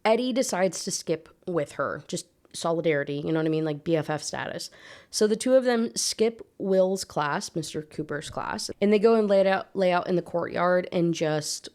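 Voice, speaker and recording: A woman's voice: on the low side, normal speed, a little mellow. A woman and book reviewer giving a casual, chatty and sarcastic recap of a novel, full of filler words.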